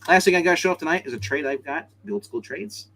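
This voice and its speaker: A man showing off his comics, wandering from point to point with jokes. His pitch jumps around a lot, and he talks in a loose, unscripted way. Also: lively intonation, fast, a bit bright. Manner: rambling and jokey. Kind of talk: casual chat.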